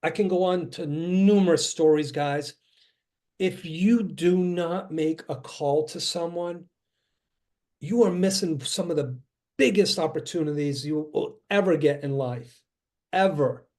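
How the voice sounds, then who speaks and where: A middle-aged man, a real estate coach, giving an energetic motivational talk on a video call and acting out phone calls as he tells stories. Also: on the high side, a little slow.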